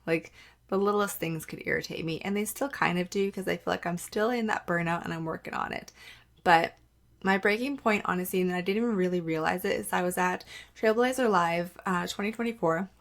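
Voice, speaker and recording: A woman's voice: fairly low pitch, a little fast, vocal fry. A woman hosting her own podcast, talking candidly in a casual, conversational way, full of "like" and acting out the things she once said. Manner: candid, conversational, many "like" fillers, acts out her own past remarks. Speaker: podcast host. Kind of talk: casual solo podcast monologue.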